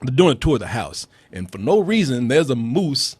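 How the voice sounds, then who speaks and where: A man hosting a casual movie review chat, ranting in a profane, animated way. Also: medium pitch, moderate pace, breathy edge, no room sound. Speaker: movie review show host.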